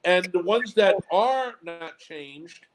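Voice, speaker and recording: A man, a comedy club owner and guest, talking in a casual interview in a measured, thoughtful way. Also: sits high, rough recording.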